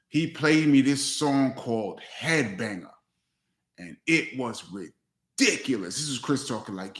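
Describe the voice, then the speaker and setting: In a casual storytelling livestream, a DJ answers questions and spins loose tales, voicing other people's lines with dramatic pitch leaps. He speaks at a normal pace in a bright, forceful voice, and the room echoes.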